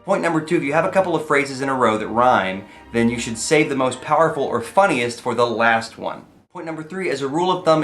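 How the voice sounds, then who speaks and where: A man's voice: medium pitch, fairly bright tone. Brief: young adult man, playful comedic songwriting teacher, faint music behind. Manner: playful, sings example lyrics.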